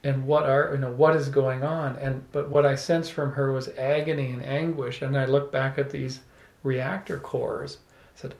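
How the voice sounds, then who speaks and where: A man telling a personal story to a small audience, animated, often laughing and restarting his words. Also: mid-range voice, normal speed, creaky. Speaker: salon speaker. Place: room with a small live audience. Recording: echoey room.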